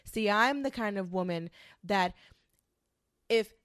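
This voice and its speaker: Sassy young woman venting to camera, profane and animated, dry close recording. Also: mid-range voice, slow, no room sound. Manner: sassy, profane, animated storytelling with mocking quoted voices. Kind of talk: ranting commentary monologue.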